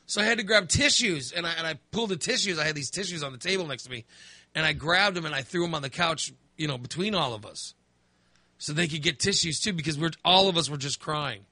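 A middle-aged man chatting casually, telling a story with lively acted-out reactions. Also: fairly high pitch, quick pace, no echo. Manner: animated storyteller, acts out his own reactions. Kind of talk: casual chat.

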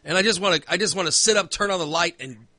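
A man's voice: high-pitched, quick pace, pushed and bright, no echo. A man rambling through a long personal story in casual chat, swearing freely and filling in with lots of asides.

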